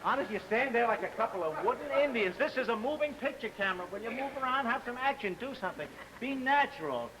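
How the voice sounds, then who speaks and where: An eager, bossy husband in a 1950s sitcom, directing everyone with a rapid, fairly high voice. He coaxes and wheedles nonstop. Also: animated, noisy background.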